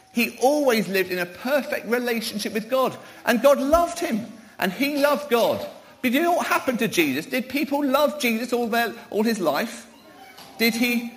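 A man's voice: extremely high pitch, a bit bright. A middle-aged man, a pastor, giving a playful children's talk in church, quizzing the children and calling them up to help. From Wales.

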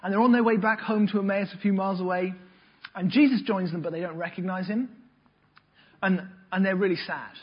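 A man preaches a sermon, telling his stories with lively energy. His voice sits high and a little husky. The recording sounds dull and lo-fi. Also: brisk. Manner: lively storytelling with acted-out voices.

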